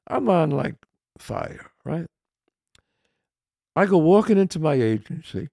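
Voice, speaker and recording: A man, hosting a podcast and telling a casual, animated anecdote that shifts into quoted voices. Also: a little high, slow pace, creaky, no echo, clean studio sound. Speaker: podcast host. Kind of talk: casual storytelling.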